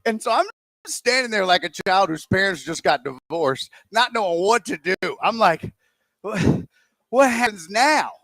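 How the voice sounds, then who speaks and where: A male radio co-host with a high voice that leaps up and down, spinning a rambling story and acting out every quote. He sounds close and dry on a studio mic, with no room sound at all. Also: moderate pace, no room sound. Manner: animated, rambling anecdote told with acted-out quotes. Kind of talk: casual storytelling on sports talk radio.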